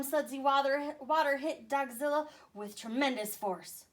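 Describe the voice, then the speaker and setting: A woman teacher reading a picture book aloud to young children with expressive storytelling. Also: high-pitched, measured pace, hardly any pauses. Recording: voice a bit far from the mic.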